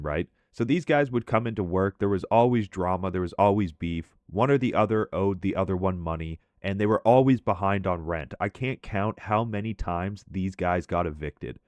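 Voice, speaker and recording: A man's voice: deep voice, moderate pace, few pauses, a little mellow, dry recording. A man casually telling a story over gameplay commentary, chatty and loose, often laughing and tagging lines with "right?".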